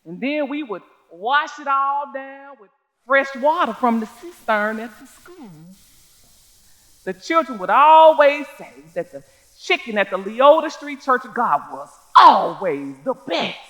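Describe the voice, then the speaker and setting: A woman's voice: high-pitched, lively intonation, fairly bright tone, low-quality recording. A woman playing a dignified older schoolteacher. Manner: measured, folksy storytelling with drawn-out phrasing. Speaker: stage performer. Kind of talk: one-woman stage monologue. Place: theater stage.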